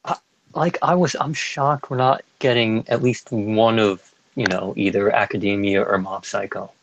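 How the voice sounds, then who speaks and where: A man's voice: lowish voice, fairly even intonation, moderate pace, muffled recording, background noise. A young man co-hosting a podcast in casual chat, enthusiastic and chatty, stumbling through restarts. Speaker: podcast co-host.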